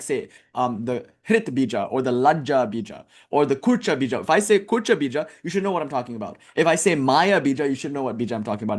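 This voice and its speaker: A man giving a casual, conversational talk as a spiritual teacher, telling stories with lively asides and filler words. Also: medium pitch. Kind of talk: casual lecture.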